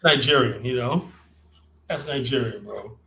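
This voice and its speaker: A man's voice: medium pitch, measured pace, gravelly, over a noisy crowd. A man hosting a podcast, chatting in a laid-back, teasing way. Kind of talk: casual chat.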